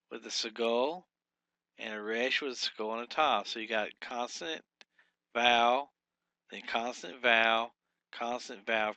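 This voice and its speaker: A man teaching a recorded grammar lesson, talking haltingly with many fillers and sounding out syllables slowly. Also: medium pitch, pushed and bright, no echo. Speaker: Hebrew teacher.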